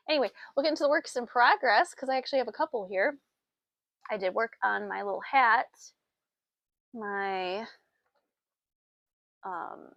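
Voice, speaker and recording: A woman's voice: medium pitch, no echo. A woman hosting a knitting podcast, chatting casually and a bit out of breath, often laughing at herself. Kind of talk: casual chat. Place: small farm with sheep.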